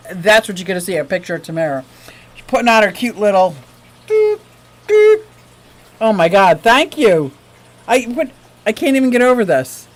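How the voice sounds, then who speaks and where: Woman, aquarium-channel stream host; casual, gushing, quick to laugh while reading tips. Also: mid-range voice, poor audio. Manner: gushing, excitable, laughs often.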